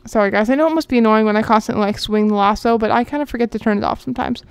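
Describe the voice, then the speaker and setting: Rapid-fire and rambling, a woman hosting a gaming channel chats to viewers as she plays, frequently thinking out loud. She has a smooth, clear, slightly high voice, recorded close and dry without any room echo.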